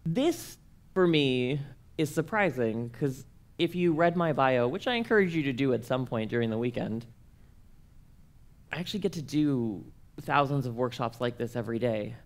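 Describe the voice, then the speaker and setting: A man's voice: medium pitch, expressive, normal speed. A young man, speaking at a workshop and telling comic personal stories in a playful, self-mocking way, acting out the dialogue.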